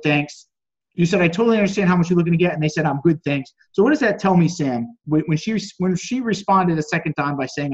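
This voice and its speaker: A man coaching on a group call, reading out chat messages, critiquing them, and acting out quoted lines. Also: dull audio. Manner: acts out quoted dialogue with lively pitch jumps. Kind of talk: casual teaching on a group call.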